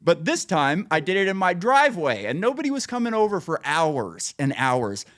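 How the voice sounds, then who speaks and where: A man co-hosting a podcast in casual chat, telling a story with lots of swearing and acting out the voices of the people in it. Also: normal speed. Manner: profane, animated storytelling; acts out quoted voices, pitching up. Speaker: podcast co-host.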